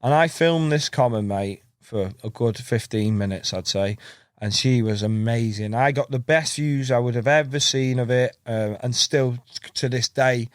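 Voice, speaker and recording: A man's voice: medium pitch, moderate pace, no echo, clean studio sound. A man chatting as a podcast guest, a rambling storyteller who acts out what people said and laughs often. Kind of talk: casual chat.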